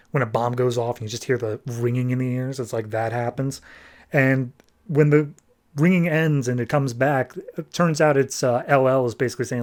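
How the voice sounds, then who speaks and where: A man's voice: mid-range voice, darkish tone. A man hosting a podcast, casually recapping a comic book issue in a loose, chatty way, often saying "like" and paraphrasing the characters. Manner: loose, chatty retelling with frequent "like" and quick paraphrased quotes. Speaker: podcast host reviewing comics.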